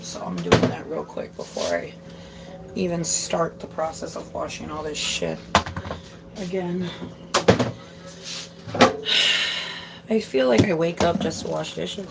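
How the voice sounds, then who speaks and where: A woman's voice: on the low side, very animated, measured pace, gravelly, pauses often, heavy background noise. A young woman chatting casually while doing dishes at home, swearing freely and dropping in Spanish phrases. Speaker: streamer. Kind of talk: casual chat while cooking. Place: home kitchen.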